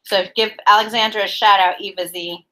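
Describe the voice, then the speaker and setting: A woman's voice: mid-range voice, steady tone, brisk, bright, forceful tone, poor audio. A woman hosting a casual live-streamed card reading from her apartment, chatty and giggly, calling out viewers by name. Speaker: tarot card reader and live-stream host.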